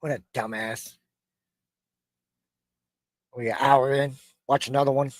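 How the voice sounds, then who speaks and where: A man's voice: mid-range voice, steady tone, unhurried, dry recording. A man co-hosting a reaction show, making blunt, crude, joking remarks. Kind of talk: casual reaction commentary.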